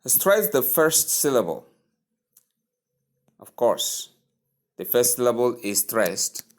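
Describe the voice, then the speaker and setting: A man's voice: medium pitch, very animated. A man teaching English pronunciation, repeating each word several times and giving patient advice. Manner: slow, repetitive drilling of words; patient, advising tone.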